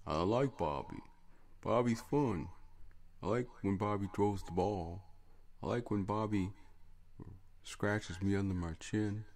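Brief: a man plays a sulky pet, low gravelly voice, grumbling and petulant. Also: a little mellow, heavily acted. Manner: petulant, grumbling inner monologue. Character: sulking house pet plotting revenge on owner.

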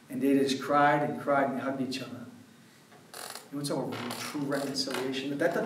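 A man's voice: mid-range voice, background noise. A man who works in prison ministry tells stories to a church men's group in a casual, rambling way full of fillers. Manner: casual, filler-heavy, with many "like"s. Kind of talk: storytelling talk to a church group. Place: church hall. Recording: very echoey hall, mic far off.

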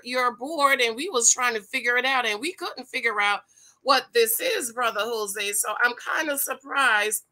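Woman, sassy casual recap host, very bright tone. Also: a little high. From Jamaica. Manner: chatty, sassy, laughs and asks viewers questions. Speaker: reality show recap vlogger. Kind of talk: casual reaction commentary.

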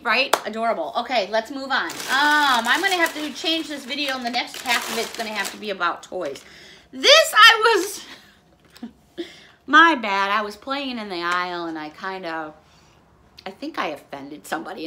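Mid-aged lady doing a haul vid, bright voice, kinda high, chatty w/ viewers. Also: slight background noise. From Chicago area. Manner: chatty, animated, talks straight to viewers. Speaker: haul video host. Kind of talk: casual haul chat.

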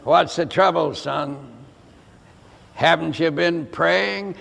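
A firm, devout mother lays down the law to her son, as an old preacher in his eighties puts her on, in a high but gravelly voice. The words come slowly and ring out in a big church with a long echo. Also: a bit bright, heavily acted. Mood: scolding. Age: 80s. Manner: firm, scolding.

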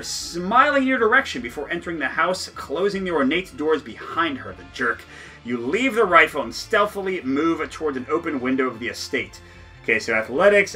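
A man's voice: on the high side, sharp tone, husky. A man playing through a solo board game, reading the story text aloud and joking between rolls, often laughing.

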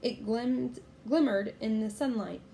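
A woman reading a children's storybook aloud with steady, expressive narration. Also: a little high, a little slow, vocal fry, a little hiss or hum. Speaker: reader.

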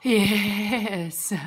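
A woman's voice: medium pitch, fairly bright tone, slight background noise. An Australian woman hosting geek culture content, talking in playful, jokey, self-mocking comedy clips. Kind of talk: comedic short vlog clips.

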